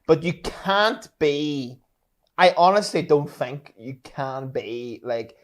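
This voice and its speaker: A man's voice: on the high side, slow. A young man, chatting casually as a podcast co-host, telling stories and swearing freely. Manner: animated storyteller, sweary, acts out loud mocking voices. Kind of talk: casual chat.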